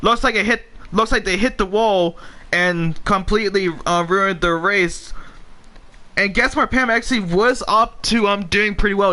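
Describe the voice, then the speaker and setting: High bright excitable young-sounding race commentator man. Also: normal speed. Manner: excitable, gets swept up and laughs at busy moments. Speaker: sim racing commentator. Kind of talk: live esports race commentary.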